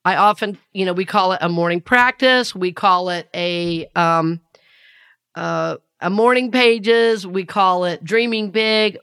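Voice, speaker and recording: A woman's voice: mid-range voice, a bit bright, clear, resonant tone. A woman with a Southern US accent hosting a spiritual podcast, talking earnestly and laughing often. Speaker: podcast host and spiritual teacher.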